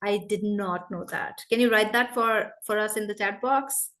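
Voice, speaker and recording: A woman teaching English in an online class over a video call, brisk and chatty, calling on students by name. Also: mid-range voice, fairly even intonation, fairly bright tone.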